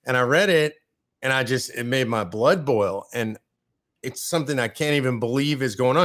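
A man's voice: medium pitch, fairly bright tone. A man hosting a talk show, speaking with indignant, emphatic urgency as he rallies viewers to act. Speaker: show host. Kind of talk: impassioned call to action.

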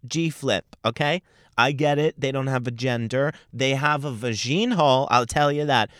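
Young guy ranting on his podcast, smooth clear voice, super sassy and cussing a lot, dry sound. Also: medium pitch, moderate pace, a bit bright, no room sound. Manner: profane, sassy, mocking. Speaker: podcast host. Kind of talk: solo podcast rant.

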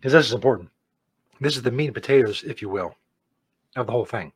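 A man hosting a comedy show, mocking a commercial with crude jokes and loud put-on outbursts. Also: medium pitch, quick pace, long pauses, slightly rough, dry recording. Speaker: comedy host reacting to an ad.

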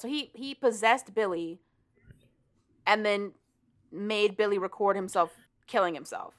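Woman, podcast co-host, casual chat, rambling, lots of fillers, mid pitch. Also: unhurried, pauses often. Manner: rambling, filler-heavy retelling with "like". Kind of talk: casual chat retelling a story.

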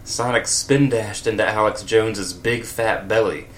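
A man's voice: fairly low pitch, fairly even intonation, a little slow, a bit bright, slight background noise. A man reading comedic fan fiction aloud, with wry, laughing asides. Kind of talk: comedic read-aloud with commentary.

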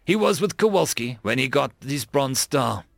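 A man voicing a sober male Marine who explains things in a measured way. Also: mid-range voice, expressive, gravelly, a bit bright, dry recording. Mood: somber.

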